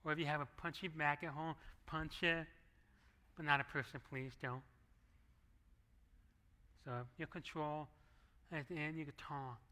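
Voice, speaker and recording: Bright-voiced man preaching conversationally. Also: a little high, level tone, unhurried, pauses often. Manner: conversational preaching with acted asides. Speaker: pastor. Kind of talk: sermon. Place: church sanctuary. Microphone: handheld microphone.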